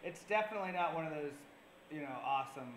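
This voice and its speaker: Guy rambling about his team on a public access show, kinda high voice, echoey room with light hiss. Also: lively intonation, quick pace, fairly bright tone. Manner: chatty, rambling with fillers. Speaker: fantasy football show co-host. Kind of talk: casual chat. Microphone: on camera.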